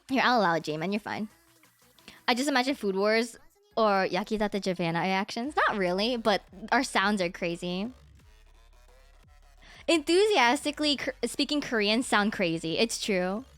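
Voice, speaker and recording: A woman's voice: mid-range voice, expressive, a little slow, long pauses, dry recording. A young woman streaming, chatting casually, giggling a lot and mimicking her parents' exclamations. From United States. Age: young adult. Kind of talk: casual chat. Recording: faint music behind.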